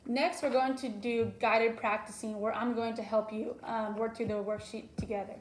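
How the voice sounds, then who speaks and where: A woman's voice: fairly high pitch, steady tone, moderate pace, a little hiss or hum. A young woman teacher giving a recorded lesson to young children, explaining patiently with frequent ums. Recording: roomy echo.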